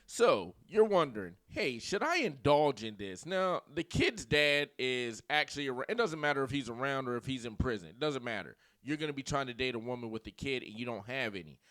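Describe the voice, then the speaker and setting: Animated, rambling male commentary host. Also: mid-range voice, fairly quick, few pauses. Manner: animated, rambling, goes off on tangents. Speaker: channel host. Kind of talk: comedic commentary.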